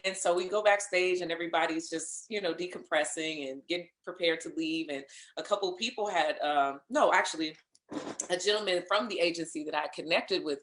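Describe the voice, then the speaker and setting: A woman being interviewed, telling a lively story in casual conversation, acting out what others said and laughing along. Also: deep voice, roomy sound. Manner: animated storyteller, acts out others' lines, laughs. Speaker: interview guest, singer and voice actor.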